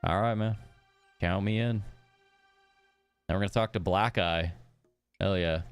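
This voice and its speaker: A man's voice: deep voice, measured pace, clear, resonant tone, soft background music. A young man streaming a game live, chatting upbeat with his viewers and reading the characters' dialogue aloud in his own voice.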